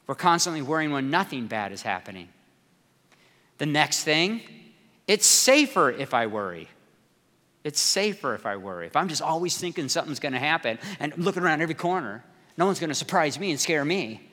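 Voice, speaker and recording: A man in his fifties preaching a sermon in an energetic, conversational way, talking straight to the congregation. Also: on the high side, in a large hall. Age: 50s. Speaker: pastor.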